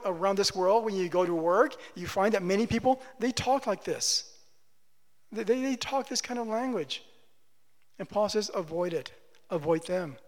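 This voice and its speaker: Male preacher, high voice, emphatic sermon delivery with rhetorical questions, reverberant church hall. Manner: emphatic, repeats phrases, asks the congregation questions. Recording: long reverb of a large hall.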